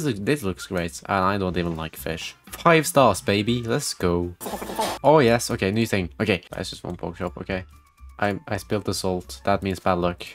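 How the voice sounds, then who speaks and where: A man giving excitable gameplay commentary, reading game text aloud, reacting loudly and swearing often. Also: lowish voice. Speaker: gaming video creator.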